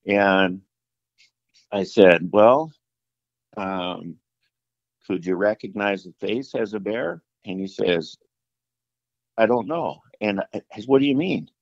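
A middle-aged man tells an outdoors story in a slow, rambling way, stopping for fillers and restarts and voicing both sides of the talk. His voice sits a little low. The sound is dull, lo-fi and dry, with no room around it. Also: gravelly, dry recording. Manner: rambling, many fillers and restarts, acts out dialogue. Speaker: outdoorsman telling an encounter story. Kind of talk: casual storytelling interview.

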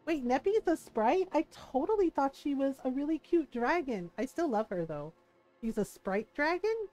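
A woman's voice: high voice, big pitch swings, moderate pace, warm tone, faint music behind. A woman streaming a game live, bubbly and giggly, rambling and joking at her own expense. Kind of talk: live gameplay commentary.

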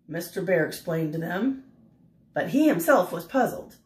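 An older woman reading a picture book aloud in a gentle way, pausing to ask the listener questions. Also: fairly low pitch, animated. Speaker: storyteller. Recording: roomy echo.

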